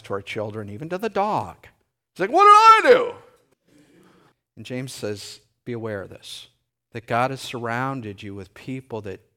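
A man preaching a sermon with a middle-pitched voice. He talks conversationally to his congregation and swings into lively, animated asides. His delivery feels loose and unscripted. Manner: conversational preaching, jumps into high excited voices for anecdotes. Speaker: pastor.

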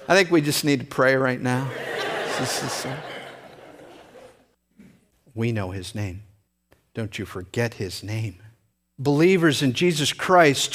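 A middle-aged man preaching a sermon as pastor, telling a story in a lively way and acting out the voices in it. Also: slow, pauses often. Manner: animated storytelling, rising to excited high-pitched re-enactments.

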